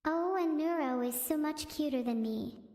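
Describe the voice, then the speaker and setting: A woman's voice: sits high, normal speed, dark tone, close to an everyday voice. A woman's synthetic voice imitating an edgy AI sister girl, hesitant and full of fillers. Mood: awkward. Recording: roomy echo with long reverb.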